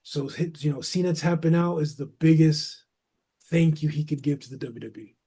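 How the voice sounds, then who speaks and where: Slangy animated man, mellow voice. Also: fairly high pitch, moderate pace, slightly rough. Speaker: podcast co-host. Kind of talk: casual wrestling talk.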